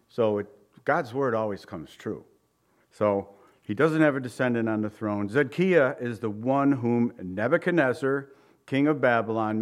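A man teaching a sermon in a casual, digressive way, reading scripture aloud and asking the listeners rhetorical questions. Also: mid-range voice. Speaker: pastor. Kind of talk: conversational Bible teaching.

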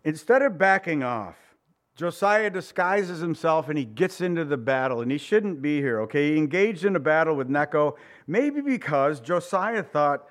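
A pastor delivers a sermon in a conversational style, his voice animated and his pace moderate. He poses questions to the congregation and performs quoted voices with big swings in pitch.

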